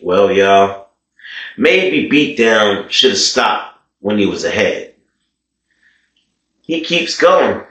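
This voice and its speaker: A man's voice: medium pitch, bright, forceful tone. A man narrating a story casually in slang, often calling his listeners y'all. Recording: echoey room.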